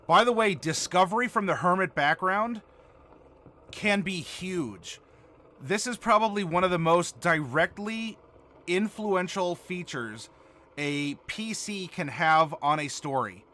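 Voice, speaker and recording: Chatty man with a bright voice. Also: high-pitched, expressive, measured pace. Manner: chatty, reads and answers viewer comments. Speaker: host building a game character live. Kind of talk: casual livestream chat.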